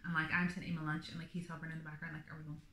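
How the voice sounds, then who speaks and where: A woman's voice: deep voice, little pitch movement, rapid-fire, sharp tone, roomy sound. A woman vlogger telling her birth story in a chatty, rambling way, full of fillers. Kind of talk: casual birth story vlog.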